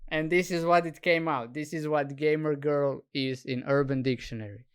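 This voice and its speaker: Chatty man hosting a podcast, smooth voice. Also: a little high, fairly even intonation, normal speed. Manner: chatty, laughs often, says "you know" a lot. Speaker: podcast host. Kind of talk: casual chat.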